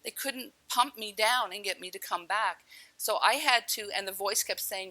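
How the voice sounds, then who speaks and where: In poor audio, a woman with a medium-pitched, sharp voice at a moderate pace recounts coming close to death. Her telling is blunt and candid, peppered with swearing and laughter at her own expense.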